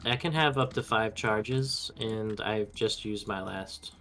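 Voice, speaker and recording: A man's voice: fairly low pitch, takes it slowly, fairly bright tone, slight background noise. A man playing in a live tabletop game, chatting casually and laughing easily. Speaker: player.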